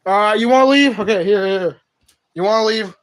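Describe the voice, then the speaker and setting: A man's voice: sits high, fairly quick, a bit bright. A young man live streaming from home on his phone, chatting to his cat in slangy, profane speech. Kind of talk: casual live stream chat.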